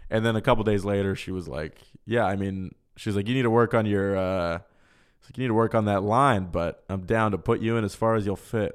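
A young man hosting a podcast, giving casual comedic advice in a profane, rambling, jokey way. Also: lowish voice. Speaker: podcast host.

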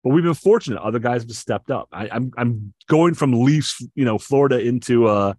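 A male co-host discusses sports casually and with enthusiasm, explaining at length and often stammering into restarts. His medium-pitched voice is expressive, a little fast, a little mellow, and breathy-edged, in a dry, studio-quality recording.

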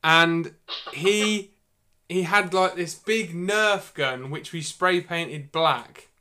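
A man's voice: on the high side, extremely slow, sharp tone, clean tone. A man co-hosting a podcast, chatting casually and telling stories with repeats and fillers. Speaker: podcast co-host. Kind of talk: casual chat.

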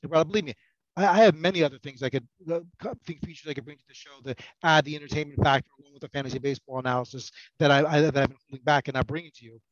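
A man's voice: fairly high pitch, fairly even intonation, very fast, dull audio. A middle-aged man chatting as a podcast guest, rambling and self-mocking, with many restarts. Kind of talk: casual podcast banter.

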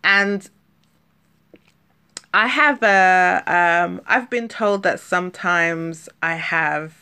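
A woman's voice: fairly low pitch, very slow, bright, forceful tone, clear, resonant tone. A woman from London with a London accent and a slight lisp, rambling chattily through a solo podcast with many fillers and self-corrections. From London, England. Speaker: podcast host.

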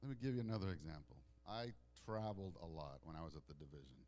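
A male pastor preaches in a chatty, storytelling way. His voice sinks to hushed, tender lines and then climbs to loud, fervent bursts. He often restarts his sentences as he talks to the congregation. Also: a bass voice, expressive, fast talker. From Italian heritage. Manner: swings from soft hushed lines to loud emphatic outbursts, with restarts. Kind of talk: sermon.

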